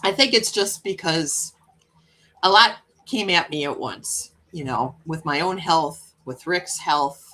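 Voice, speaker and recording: A woman's voice: low-pitched, slow. A woman hosting a casual livestream chat, reading viewer comments aloud and laughing often. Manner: chatty, laughs often, animated cat voices. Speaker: livestream host.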